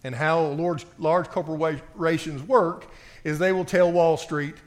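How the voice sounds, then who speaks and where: A man preaching a sermon and reading scripture aloud, swinging between forceful outbursts and quiet reading. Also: a little high, steady tone, unhurried. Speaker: pastor.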